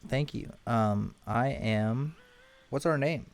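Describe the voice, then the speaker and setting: A man's voice: mid-range voice, takes it slowly, gravelly. A man streaming a video game, chatting casually, rambling, correcting himself and swearing now and then. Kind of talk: casual gameplay commentary.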